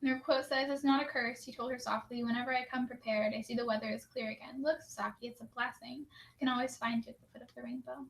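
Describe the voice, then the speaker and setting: A woman's voice: a little high, steady tone, fast, slight background noise. A young woman co-hosting a writing session, cheerfully reading out participants' quotes in casual chat. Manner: cheerful, reads quotes aloud. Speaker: write-in co-host.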